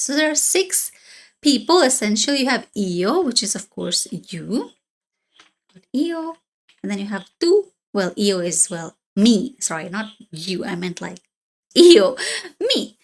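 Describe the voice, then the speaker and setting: A woman teaching a beginner language lesson while sharing her screen, chatty and encouraging, with fillers and small laughs. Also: fairly high pitch.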